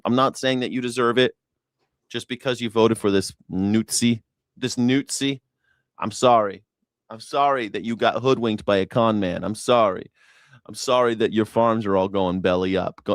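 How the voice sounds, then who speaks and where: A man's voice: lowish voice, dry recording. A man hosting a news reaction show, with sarcastic, mocking and profane commentary. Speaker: host.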